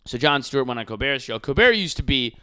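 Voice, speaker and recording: A man in casual podcast chat, ranting with animated profanity. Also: mid-range voice, fast talker, clear, resonant tone.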